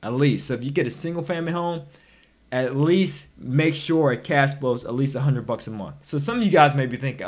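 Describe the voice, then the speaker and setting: Speaking a little fast at medium pitch, this man gives an instructional recording on personal finance meant to motivate. He sounds animated and almost preachy, punctuating points with abrupt, loud emphasis.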